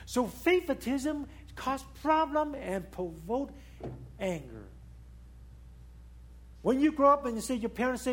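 A husky-voiced man preaching in non-native English. He keeps asking the listeners questions, climbing to loud high points and then falling back to soft, low remarks. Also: very animated, a little slow, long pauses. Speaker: pastor. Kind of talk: sermon.

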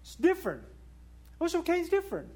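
A man preaching a sermon in non-native English, emphatic and full of rhetorical questions, rising to loud high peaks and dropping to quiet low asides. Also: huge pitch swings, quick pace. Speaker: pastor.

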